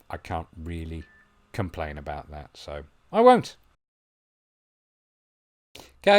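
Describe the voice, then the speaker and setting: Low-voiced man commenting on his game. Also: smooth. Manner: muses quietly, then bursts into excited match commentary. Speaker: gaming video host. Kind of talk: gameplay commentary.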